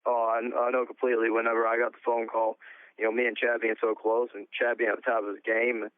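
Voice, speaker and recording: A man's voice: medium pitch, fast talker, dry recording. A man who races ATVs professionally, talking casually about his season in a phone interview, full of "uh" fillers. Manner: relaxed, plain-spoken, many "uh" fillers. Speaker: pro ATV motocross racer. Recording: tinny phone line.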